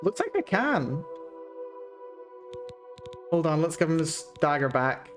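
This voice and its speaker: A woman's voice: low-pitched, sing-song, slow pace, over music. A woman streamer giving chatty, amused commentary while playing a game.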